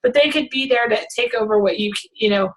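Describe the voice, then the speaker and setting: A woman talks to a group on a video call, her pitch set a touch high. She rambles and restarts, full of filler words, but keeps an animated, friendly flow. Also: fairly quick, rough recording. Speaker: hangout organizer.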